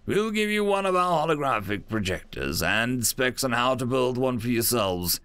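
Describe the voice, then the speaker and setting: A man's voice: medium pitch, big pitch swings, moderate pace, fairly bright tone, clean tone, no echo. A man voicing a polite, nervous male alien speaking through a translator, formal and hesitant.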